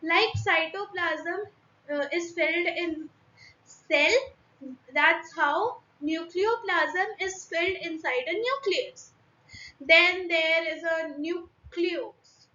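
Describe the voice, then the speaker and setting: A woman's voice: extremely high pitch, slow pace, sharp tone. A young woman with an Indian English accent teaching a biology class online, explaining diagrams with frequent fillers and restarts. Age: young adult. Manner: hesitant, many fillers and restarts. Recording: echoey room, dull lo-fi sound.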